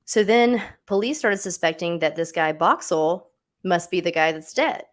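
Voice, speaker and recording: A woman's voice: fairly low pitch, moderate pace. A woman hosting a livestream, telling a true-crime story in a casual, chatty way with lots of asides. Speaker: host.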